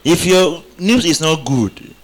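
Pastor guy preaching, call and response, gets loud and emphatic, a bit high voice. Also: slow, faint music behind. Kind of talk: sermon.

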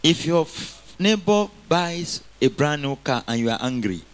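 A man's voice: on the high side, very animated, unhurried. A man preaching a sermon, quoting scripture and getting the congregation to repeat lines after him.

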